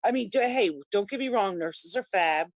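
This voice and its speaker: A woman, co-hosting a casual political talk show, opinionated and animated. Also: mid-range voice, moderate pace, dry recording.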